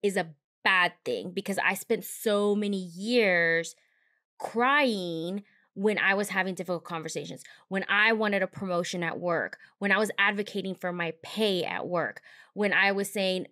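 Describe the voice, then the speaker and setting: A woman's voice: medium pitch, unhurried, pushed and bright. A woman with a mid-range voice talks through her thoughts on a podcast. She is candid and reflective, often restarting her sentences as she goes. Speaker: podcast co-host. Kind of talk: casual podcast conversation.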